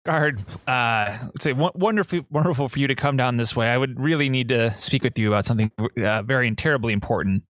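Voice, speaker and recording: A man voicing a male prisoner in a tabletop game, pleading in a halting, overly formal way. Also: medium pitch, a bit bright, no room sound, natural voice. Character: smooth-talking male rogue pleading with a guard.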